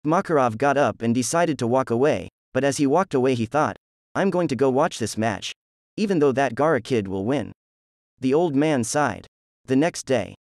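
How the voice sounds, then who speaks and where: A man's voice: medium pitch, a little mellow, dry recording. Man narrating a fan story, dry sound. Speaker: fan fiction reader.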